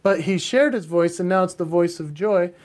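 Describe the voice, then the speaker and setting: A man in his forties, a guest entertainer in an interview, animated and quick to laugh. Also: high voice. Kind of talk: casual interview chat.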